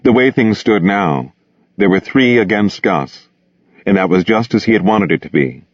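Grave, low-voiced male audiobook narrator. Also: expressive, moderate pace, no room sound. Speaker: audiobook reader. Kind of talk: novel narration. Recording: dull, dry close recording.

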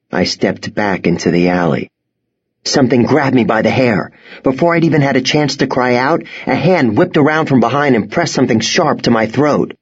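A man narrates a first-person audiobook with a slightly husky voice and a lively, rising and falling delivery. The sound is dull and lo-fi. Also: fairly low pitch.

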